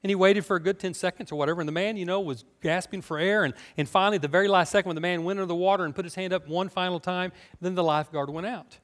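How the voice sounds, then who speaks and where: An American man preaching a sermon in an animated, conversational way, full of rhetorical questions. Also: high voice, rapid-fire, hardly any pauses. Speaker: pastor.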